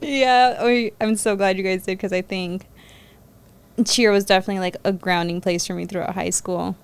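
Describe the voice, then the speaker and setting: Woman host, smooth clear voice, curious and chatty. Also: mid-range voice, steady tone, normal speed. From Virginia. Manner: curious, asks follow-up questions. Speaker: podcast host. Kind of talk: casual interview chat.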